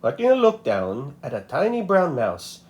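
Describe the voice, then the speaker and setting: A man narrates a children's picture book with a playful touch. His voice sits a little high and swoops about constantly, full of animation. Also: normal speed. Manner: expressive, playful. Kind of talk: storybook read-aloud.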